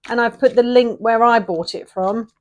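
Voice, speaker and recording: A woman's voice: a little high, fairly even intonation, normal speed. Chatty, rambling woman reading tarot. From England. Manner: chatty, rambling, loses her thread. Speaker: tarot reader. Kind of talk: casual tarot reading video.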